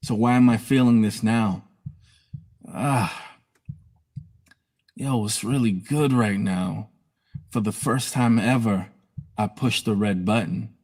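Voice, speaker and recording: A man's voice: on the low side, takes it slowly, pauses often, a little mellow. A man telling his own story on a live stream in a candid, emotional way, blunt and profane at times.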